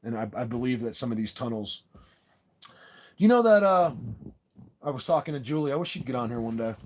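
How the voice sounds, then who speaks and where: A man chatting on a casual livestream, his voice sitting at an ordinary middle pitch. He rambles and restarts his sentences often, tripping over repeated words. He stays earnest and insistent as he addresses the viewers directly. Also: animated, brisk, slight background noise. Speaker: channel host talking to live chat viewers.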